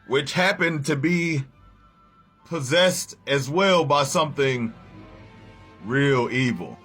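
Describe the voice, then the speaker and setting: A man's voice: on the high side, a bit bright. A man recapping a comic book in a casual, profane, slangy storytelling style.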